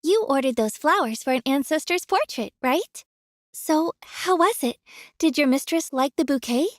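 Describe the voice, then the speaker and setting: A woman's voice: high-pitched, lively intonation, normal speed, dry recording, studio quality. A young woman voicing a kind florist in a game, friendly and chatty with her customers. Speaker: florist shopkeeper. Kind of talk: game voice acting.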